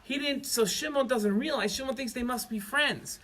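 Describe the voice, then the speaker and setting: A man narrating a children's story as a storyteller, in an animated, expressive way. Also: very high voice, moderate pace.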